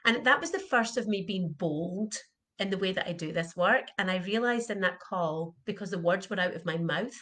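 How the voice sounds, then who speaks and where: A woman's voice: medium pitch, moderate pace, a bit bright. Earnest middle-aged woman coaching. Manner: earnest, heartfelt, repeats questions for emphasis. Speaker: animal communication coach. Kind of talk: motivational talk to camera.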